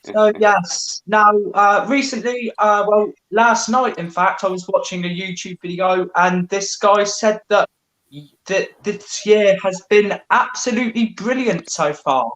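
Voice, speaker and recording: High-pitched guy doing sweary stand-up from home, roomy echo. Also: a little slow, a bit bright. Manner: casual, heavy swearing. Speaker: comedian. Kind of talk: stand-up comedy set. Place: at home during lockdown. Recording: echoey room.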